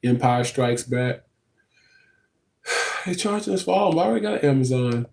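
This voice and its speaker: An expressive, gravelly-voiced man at normal speed hosts a livestream, chatting easily with viewers he calls y'all. He occasionally shifts into a high sing-song voice.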